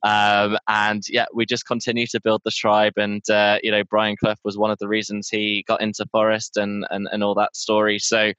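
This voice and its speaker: Guy podcasting, low-ish voice but sharp and clear, rambly with lots of restarts, bit of a dull lo-fi sound, dry. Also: monotone, moderate pace, few pauses, no room sound. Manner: rambling, lots of ums and restarts, laughs easily. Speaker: podcast co-host. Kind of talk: casual podcast chat.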